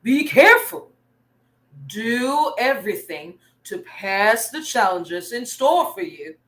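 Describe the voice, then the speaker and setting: A woman doing a solemn storybook king, a father whose son is held captive. The delivery is slow and weighty, with a bright ring behind the lowered, manly tone and a lively rise and fall. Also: heavily acted, rough recording. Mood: grave. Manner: slow, grave proclamation.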